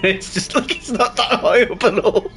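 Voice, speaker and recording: A man's voice: high-pitched, normal speed, gravelly, noisy background. A man streaming a co-op game with friends, joking and laughing often in casual banter over a headset mic.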